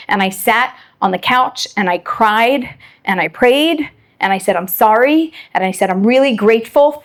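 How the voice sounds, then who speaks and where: A middle-aged woman who moved to Israel, giving a lively personal Torah talk to an audience and acting out the voices she quotes. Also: a little high. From immigrant to Israel. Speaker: Torah lecturer.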